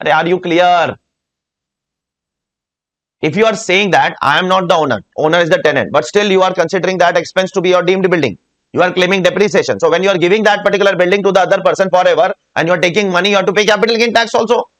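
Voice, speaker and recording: A man's voice: sits high, fast talker, a bit bright. A man with an Indian English accent giving a classroom tax lecture, often quizzing the class and repeating key points. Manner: asks the class frequent check questions.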